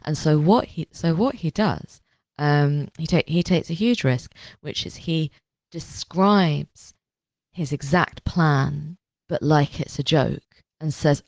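A woman's voice: deep voice, slow, a little mellow, no echo. A woman co-hosting a podcast in casual discussion, chatty, often restarting and repeating words. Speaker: podcast co-host.

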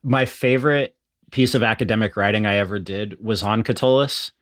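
A man's voice: on the low side, brisk. Rambling academic young man. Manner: rambling, restarts, academic storytelling. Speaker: podcast co-host. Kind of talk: casual chat.

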